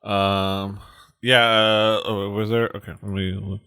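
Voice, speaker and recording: A fairly low-pitched man narrates as game master, stumbling through his descriptions with fillers and restarts. The sound is close and dry, with no room echo. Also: flat delivery, takes it slowly, bright, forceful tone, clear, resonant tone. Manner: hesitant, many fillers and restarts.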